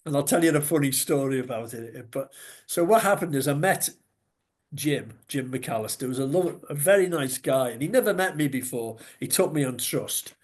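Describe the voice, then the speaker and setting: A middle-aged man with a Scouse accent, telling lively anecdotes as a podcast guest, with chuckles and salty asides. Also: medium pitch, moderate pace. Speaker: guest, former news reporter. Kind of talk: conversational storytelling.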